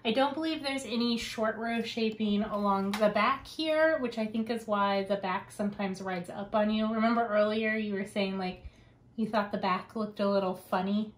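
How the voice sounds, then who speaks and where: A woman's voice: medium pitch, normal speed. A young adult woman hosting a podcast in casual chat, talkative and given to tangents and laughter. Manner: chatty, laughs often, wanders onto tangents. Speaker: podcast host.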